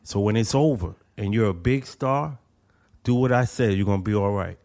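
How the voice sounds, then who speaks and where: A man's voice: on the low side, normal speed, a little mellow. A man with a New York accent co-hosting a podcast, talking bluntly in slang with lots of profanity. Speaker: podcast co-host. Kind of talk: casual podcast chat.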